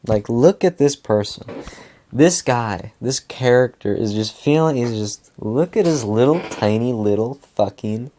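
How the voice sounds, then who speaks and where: A man's voice: mid-range voice, lively intonation, unhurried, warm tone, slight background noise. A young man venting in a casual monologue, rambling, repeating himself and swearing a lot. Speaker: vlogger.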